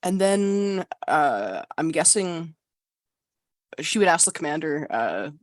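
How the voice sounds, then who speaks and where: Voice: medium pitch, big pitch swings, slow pace, no echo, studio quality. An adult tabletop role-playing player who thinks aloud, musing and restarting sentences. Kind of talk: tabletop role-play chat.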